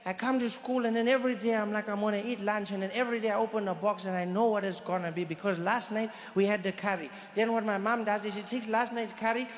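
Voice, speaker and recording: A man's voice: extremely high pitch, reverberant, in a large hall, a little hiss or hum, voice pushed up. A man voicing a frustrated schoolboy who complains about his lunch in whiny, exasperated outbursts.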